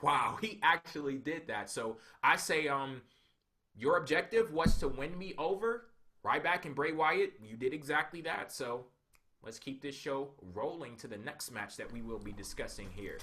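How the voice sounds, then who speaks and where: Young male co-host, bright edgy tone, animated mocking wrestling chat. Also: medium pitch, moderate pace. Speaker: podcast co-host. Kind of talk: casual wrestling review chat.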